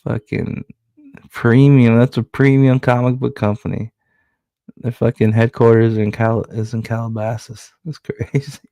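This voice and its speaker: A man's voice: mid-range voice, flat delivery, unhurried, warm tone, no room sound. A man streaming as he reads through a comic book, with laid-back commentary and casual swearing. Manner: laid-back, swears freely, chuckles at credits.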